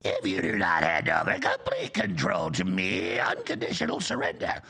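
A man voicing a booming male cartoon villain commander, much deeper than his own voice, slow and menacing. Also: wildly swooping pitch, vocal fry, husky, full character voice. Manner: slow, menacing, shouted threats.

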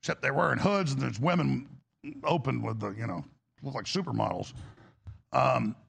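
A man's voice: mid-range voice, normal speed, vocal fry, a bit bright, slightly rough. A middle-aged man hosting a talk show, delivering a rambling, impassioned confessional monologue that rises into preaching.

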